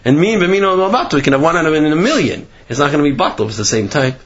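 A man giving a Torah class sermon with animated storytelling, rising in pitch for emphasis. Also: fast talker, slightly rough, muffled recording. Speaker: religious teacher.

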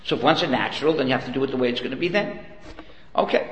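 Speaking very fast at a medium pitch, a man gives a Torah lesson in a big-sounding room, and the recording is muffled. He chats his way through a story and jokes, often asking a rhetorical "okay?".

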